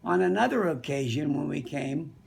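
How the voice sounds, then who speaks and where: A man's voice: a little high, expressive, normal speed, creaky. An older man from the Pittsburgh area telling rambling, fond anecdotes in a casual way. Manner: rambling, fond, with many you-knows. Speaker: storyteller.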